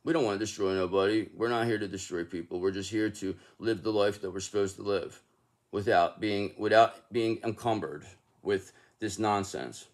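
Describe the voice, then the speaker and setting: A man's voice: fairly low pitch, normal speed. A man giving a casual, rambling tarot reading, talking emphatically with restarts and the odd curse word. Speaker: tarot reader.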